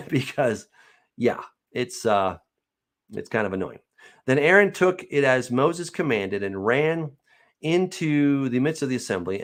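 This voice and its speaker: Chatty male Bible teacher. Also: medium pitch. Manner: reads scripture aloud, then explains it in a lively, chatty way with light laughs. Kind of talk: casual verse-by-verse Bible teaching.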